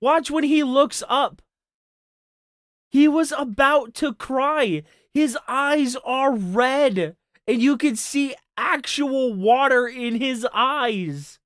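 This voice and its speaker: Woman, reaction commentator, mocking, profane, drawn-out delivery. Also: sits high, no room sound, studio quality. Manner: mocking, profane, repeats herself.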